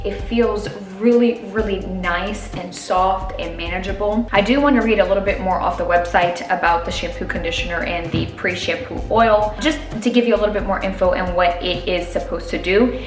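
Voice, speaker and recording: A woman's voice: mid-range voice, moderate pace, hardly any pauses. A woman vlogger chatting casually through a hair tutorial and product review, upbeat and talking through each step. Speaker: beauty vlogger. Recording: echoey room with faint music.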